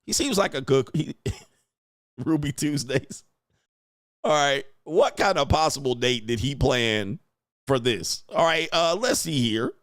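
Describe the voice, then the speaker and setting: A man's voice: mid-range voice, animated, measured pace, no room sound, clean studio sound. A man hosting a reaction commentary show, mocking and lecturing the people in the clips he plays, often laughing. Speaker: commentary channel host.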